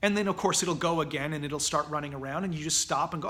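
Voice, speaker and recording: Male acting teacher, bright fairly high voice, casual lecturing, easy pace. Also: fast talker. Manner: relaxed, many fillers and restarts, acts out anxious inner voices. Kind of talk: conversational lecture on mindfulness.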